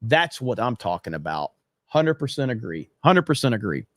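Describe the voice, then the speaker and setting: A man hosting a livestream, reading viewer comments in an animated, blunt, profane way. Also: medium pitch, normal speed, dry recording, studio quality. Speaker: livestream host.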